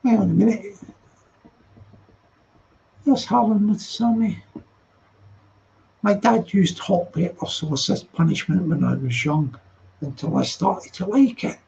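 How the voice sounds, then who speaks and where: A man's voice: sits high, a little slow, creaky, pauses often, dark tone, highs cut off, a little hiss or hum. A man hosting a casual late-night live stream, reading out chat messages, teasing and laughing often.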